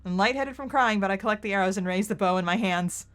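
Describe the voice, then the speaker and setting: A woman's voice: medium pitch, fast, fairly bright tone. A woman playing a visual novel, reading its narration aloud and reacting emotionally with outbursts. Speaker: game streamer.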